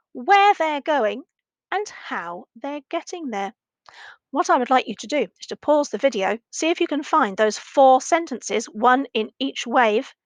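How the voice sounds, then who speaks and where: A woman teaching a recorded primary language lesson, speaking slowly and clearly and repeating each sentence for young learners. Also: high voice, dry recording.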